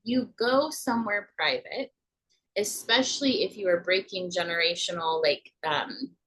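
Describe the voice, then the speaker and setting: A woman in her thirties gently teaching emotional self-care, checking in with listeners as she explains. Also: mid-range voice, a little slow, a little hiss or hum, rough recording. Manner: gentle, coaching, many "okay?" check-ins. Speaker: inner healing coach. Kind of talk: teaching talk to camera.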